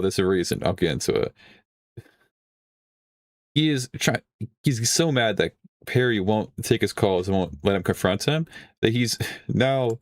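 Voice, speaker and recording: A streamer host reacts to a video with casual commentary, rambling, swearing often and laughing mid-sentence. His voice is on the low side, and the recording is dry.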